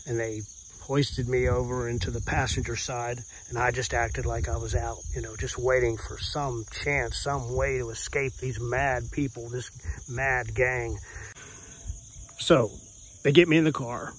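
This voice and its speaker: Brief: middle-aged male storyteller, ordinary mid voice, halting and urgent, faint cricket noise behind. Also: medium pitch, steady tone, poor audio. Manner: rambling and intense, with many restarts and "you know"s. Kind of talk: telling a true story from his youth.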